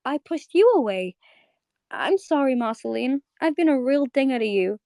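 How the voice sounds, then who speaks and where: Brief: woman performing a sorry young princess confessing softly, bright and high, dry sound. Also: expressive, moderate pace, gravelly, no room sound. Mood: remorseful. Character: remorseful young princess, apologetic and vulnerable.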